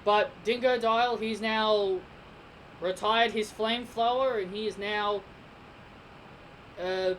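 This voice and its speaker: A man's voice: sits high, fairly even intonation, slow, pauses often, fairly bright tone, a little hiss or hum, low-quality recording. A man with an Australian accent giving a casual spoken game review, rambling and speculating as he thinks aloud.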